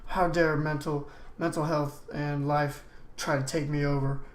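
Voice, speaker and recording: At a measured pace, a young American podcast host speaks in a fairly high voice with little pitch movement. Alone on his casual show, he rambles in slang, constantly saying "man" and "dude," in an echoey room with slight background noise.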